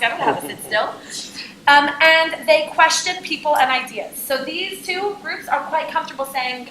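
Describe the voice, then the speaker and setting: A young adult woman giving a lively, jokey business workshop talk to a conference audience and asking them questions. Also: high-pitched, moderate pace, echoey room, low-quality recording. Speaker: conference speaker. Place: conference room.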